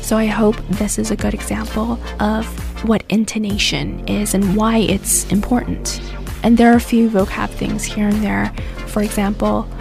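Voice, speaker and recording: A woman hosting an English lesson in a gentle, slow, explanatory way. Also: mid-range voice, little pitch movement, gravelly, over music. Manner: gentle, explanatory, speaks slowly. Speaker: English teacher and host. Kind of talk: casual lesson talk. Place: based in the US.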